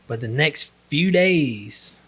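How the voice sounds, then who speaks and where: A man's voice: on the high side, lively intonation, takes it slowly, fairly bright tone, slightly rough. A man telling his faith story as a guest in a casual chat, laid-back and acting out the lines of others. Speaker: podcast guest.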